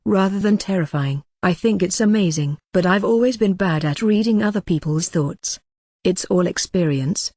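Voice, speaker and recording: Woman reading as a sharp old guildmaster. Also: lowish voice, no room sound, studio quality, natural voice. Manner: stern, scolding.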